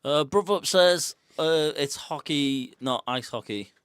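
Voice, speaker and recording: A man's voice: a little high, measured pace, clear, resonant tone, no echo, studio quality. A man co-hosting a casual live stream, matter-of-fact as he reads out viewers' messages. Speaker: co-host reading super chats.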